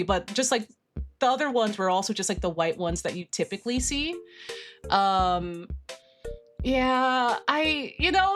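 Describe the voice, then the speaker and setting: Young woman streaming, high and bouncy, chatty and slangy, faint music playing under her. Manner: animated, swings between excited and deadpan; slangy, lots of fillers. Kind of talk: casual chat with viewers.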